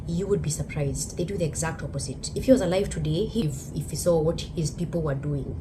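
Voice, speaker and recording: A Kenyan woman talks bluntly and with emphasis, in a lowish voice. Her commentary comes with clear background noise under it. She tells stories as she makes her points. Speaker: host. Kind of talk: opinion commentary monologue.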